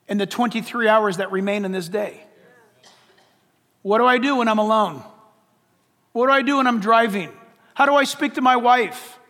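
A man's voice: extremely high pitch, sharp tone. A man preaching a sermon from the pulpit as pastor, emphatic and full of rhetorical questions. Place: church sanctuary. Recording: long church hall reverb.

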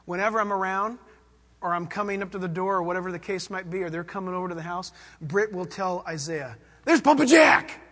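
High, bright-voiced preaching man, hall echo. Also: steady tone, fast. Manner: dramatic, swings from hushed to loud emphasis. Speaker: pastor. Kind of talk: sermon.

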